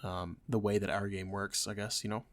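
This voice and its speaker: A man co-hosting a casual gaming podcast, talking in a relaxed way and giving short agreeing replies. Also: lowish voice, brisk. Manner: relaxed, reads blog text aloud, short agreeing replies. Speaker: podcast co-host.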